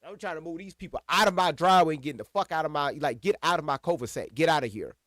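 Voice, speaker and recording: A man casually telling a personal story to viewers, animated and profane, calling them y'all. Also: a little high, fast, no echo, clean studio sound. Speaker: storyteller recounting a personal incident.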